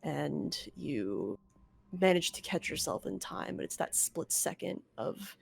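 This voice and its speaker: Gravelly, slow-spoken tabletop player. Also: medium pitch, sing-song. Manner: hesitant, halting in-character speech. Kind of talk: playing a character in a tabletop game.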